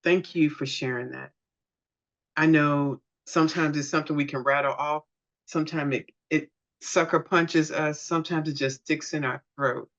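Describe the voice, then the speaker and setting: A woman hosting a podcast interview, answering her guest in a measured, thoughtful way. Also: sits low, steady tone, a bit bright. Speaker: podcast host. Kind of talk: interview conversation. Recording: dull lo-fi sound.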